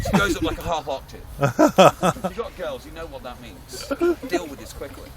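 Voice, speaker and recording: A man performing a loud, jokey live history show as a castle archer, teasing the audience. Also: on the high side, big pitch swings, fairly quick, gravelly. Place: outdoors at a castle. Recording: windy outdoor crowd noise. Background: crowd and wind.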